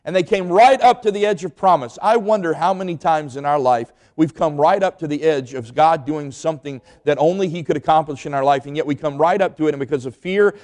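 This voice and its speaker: A man's voice: fairly high pitch, fairly quick, hardly any pauses. Preacher guy, middle-aged, emphatic, keeps asking the crowd questions. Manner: emphatic, animated storyteller, rhetorical questions. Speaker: pastor. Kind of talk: sermon with storytelling.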